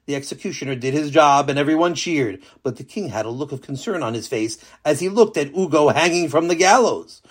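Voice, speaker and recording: A man narrating a children's story with a lesson at the end, lively and animated. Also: a little high, brisk, few pauses, husky.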